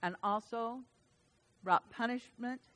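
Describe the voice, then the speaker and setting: A woman preaching a sermon to her church, reading scripture and surging from soft asides to loud, fervent exclamations. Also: on the high side, slow. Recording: long hall reverb.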